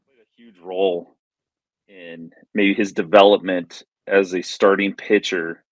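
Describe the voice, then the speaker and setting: A man recalling old games in a loose, stop-and-start way, often circling back mid-sentence. His voice is on the low side, and it is captured close and dry. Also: little pitch movement, no room sound, low-quality recording. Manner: halting, many restarts, reminiscing. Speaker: podcast co-host. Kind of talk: casual sports chat.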